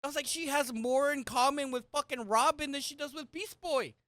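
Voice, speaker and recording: A woman co-host rants in a casual podcast chat, cursing freely and flaring into loud, exasperated bursts. Her voice is bright and forceful. The sound is dry and close. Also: high voice, brisk, no room sound. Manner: ranting, swears a lot, bursts of loud exasperation.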